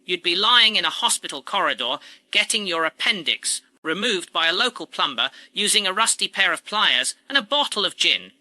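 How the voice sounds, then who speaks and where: A man's voice: sits high, big pitch swings, moderate pace, sharp tone, no echo, low-quality recording. A man delivering scripted satirical commentary as a channel host, in a sarcastic, indignant ranting manner.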